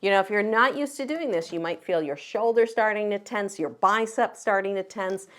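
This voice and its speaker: A woman's voice: mid-range voice, normal speed, a bit bright. A woman teaching guitar, explaining step by step in an encouraging, friendly way. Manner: encouraging, explains step by step while counting beats. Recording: guitar music behind the voice. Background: her own acoustic guitar playing.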